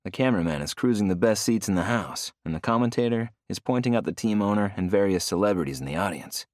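Deep-voiced young male narrator, lively swings, dry close studio sound. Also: fast, dry recording. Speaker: audiobook narrator. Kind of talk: first-person novel narration.

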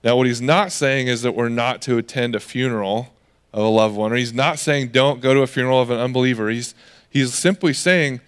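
A man preaching a conversational sermon as pastor, animated and lively, slipping into the voices of the people he quotes. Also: mid-range voice, fairly quick, smooth.

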